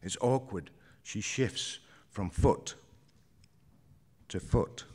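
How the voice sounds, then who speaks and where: A man reading his own first-person story aloud on stage at a live event, in a measured, understated way. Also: fairly low pitch, darkish tone, husky.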